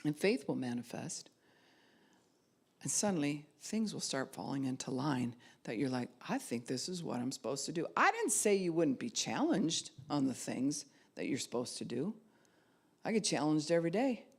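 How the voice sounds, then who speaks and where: Animated woman pastor preaching. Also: low voice, normal speed. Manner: animated, acts out quoted voices, drops to a soft hush. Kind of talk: sermon.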